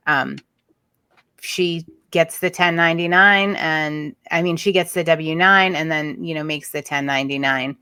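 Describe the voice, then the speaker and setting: Lady host giving business tips, bright and lowish, chatty and energetic. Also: a little slow, smooth, dry recording. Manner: practical, emphatic, chatty. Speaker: podcast host. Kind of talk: casual advice chat.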